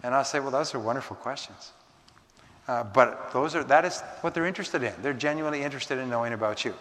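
A man's voice: medium pitch, fairly bright tone. Man lecturing in a reverberant hall. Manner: measured, emphatic lecturing with dramatic slowdowns. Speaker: seminar speaker. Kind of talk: motivational seminar talk.

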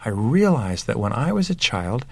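A man's voice: mid-range voice, big pitch swings, moderate pace, vocal fry, darkish tone, dry recording. A middle-aged man talking earnestly about family values, telling stories from his own home life. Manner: earnest storytelling with examples. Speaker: parenting speaker.

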